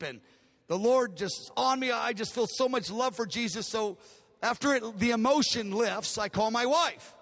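Preaching in a large hall with long reverb, an older male pastor uses a high-pitched, slightly bright voice. He tells his story with feeling and drama, acting out the conversations.

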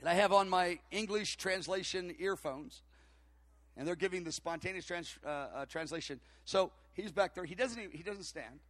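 Bright, high-voiced male preacher telling stories. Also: moderate pace, no echo. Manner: animated, rambling anecdotes with many fillers and restarts. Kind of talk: storytelling sermon.

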